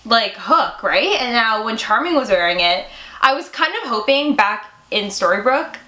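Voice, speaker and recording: A young woman co-hosting a casual fan chat, excitable and gushing, her talk full of "like". Her voice sits fairly high and sounds bright and sharp. The recording has a noticeable echo from the room. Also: moderate pace. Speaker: co-host. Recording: echoey room.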